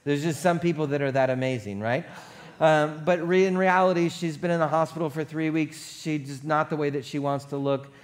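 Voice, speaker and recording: A man's voice: a little high, steady tone, normal speed, hardly any pauses. A middle-aged male pastor with a voice a little above the usual male range delivers his sermon from a church stage. He talks like he is chatting with friends, with a self-deprecating streak. When he quotes the people he visited, he slips into their voices.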